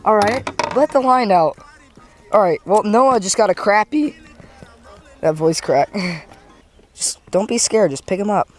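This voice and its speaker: A man's voice: high voice, measured pace, long pauses. A man hosting a casual fishing vlog, talking outdoors from a small boat on a lake into an action camera and cheering on his fishing partner. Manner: upbeat, coaching a companion as fish come in. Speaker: fishing channel host. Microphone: action camera mounted on or near him.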